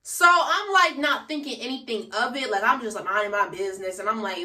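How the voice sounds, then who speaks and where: A woman's voice: a little high, animated, moderate pace, pushed and bright, recorded from a distance. A young woman in her late teens telling a story to her viewers in a chatty, slangy way, recorded on a phone. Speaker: vlogger. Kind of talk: casual storytime vlog. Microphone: phone camera. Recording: echoey room, away from the mic.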